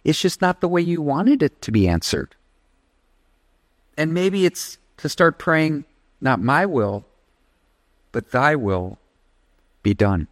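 A man's voice: fairly high pitch, sing-song, slow, long pauses, dry recording. Emphatic male pastor preaching. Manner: emphatic preaching with call-and-response. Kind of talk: sermon.

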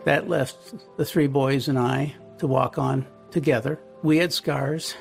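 A man in his sixties giving an earnest, measured personal testimony at a church service. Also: mid-range voice, steady tone, vocal fry, soft background music.

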